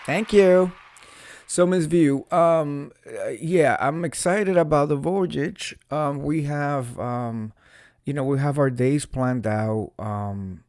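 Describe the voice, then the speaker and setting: A man chats on a live stream, reading out and answering viewer comments. His voice sits a little high, and he talks in a showy, theatrical way, repeating lines for emphasis. The sound is close and dry. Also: takes it slowly, a little mellow, no echo. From New York City. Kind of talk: casual live chat.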